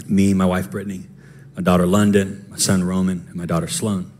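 A pastor in his thirties delivering a lively sermon, telling a family story and acting out quotes. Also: sits low, a little fast, a little hiss or hum. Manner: animated, storytelling with voiced quotes. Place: church sanctuary.

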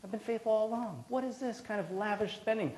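A man's voice: sits high, fast talker, a little mellow, reverberant, a little hiss or hum, pitched above the performer's own voice, natural voice, rough recording. A man voicing a resentful, dutiful older brother who complains in an indignant tone.

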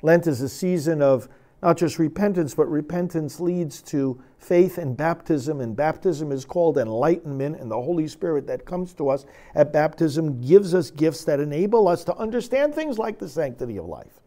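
Man, priest preaching, high voice, very lively swings in pitch, emphatic. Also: normal speed. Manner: emphatic preaching, reading scripture with dramatic force. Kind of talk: sermon.

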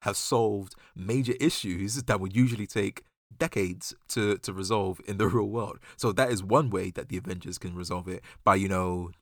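A man with a lowish voice talks as a guest in a casual podcast chat. He tells his points in an animated, playful way. The sound is dry and close. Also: moderate pace, few pauses, no echo. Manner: animated storyteller, playful mock dialogue.

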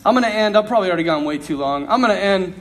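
Animated, lively man telling a story. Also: sits high, racing. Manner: animated, laughs often, acts out dialogue. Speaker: speaker sharing a faith testimony. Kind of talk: storytelling talk to an audience.

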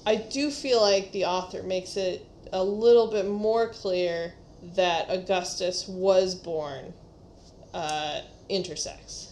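A woman's voice: on the low side, fairly even intonation, slow pace, darkish tone, a little hiss or hum. A woman co-hosting a casual book discussion, thinking aloud with small hesitations. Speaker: podcast co-host.

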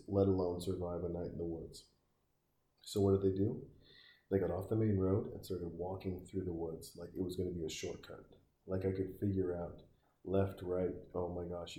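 A man with a very deep, mellow voice delivers profane, sarcastic commentary that rambles from one jab to the next. He is recorded in a roomy space with a noticeable echo. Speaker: commentator reacting to a film.

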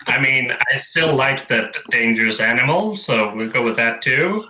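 A man's voice: medium pitch, animated, moderate pace, bright, forceful tone, rough recording. A man casually musing over choices as a tabletop game player on a voice call.

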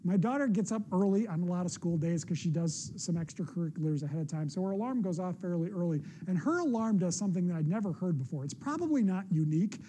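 Husky, very dark-voiced male pastor preaching. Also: high-pitched. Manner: conversational, earnest preaching with personal asides. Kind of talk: sermon.

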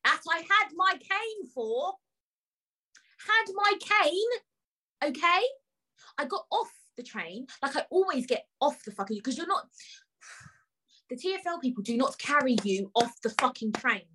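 Young london woman venting a story, kinda husky, high-ish and swinging all over. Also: poor audio. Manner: animated, indignant, swears, London slang. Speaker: vlogger. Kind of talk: casual storytime rant.

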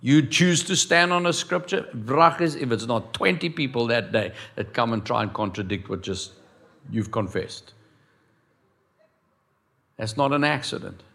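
A man preaching a lively sermon as pastor of a church, acting out voices and quotes along the way. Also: medium pitch, unhurried, gravelly.

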